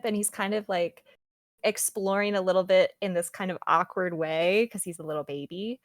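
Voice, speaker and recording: A woman co-hosting a casual book podcast, retelling a story with animated asides and reading a passage aloud. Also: medium pitch, no room sound, clean studio sound. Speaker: podcast co-host.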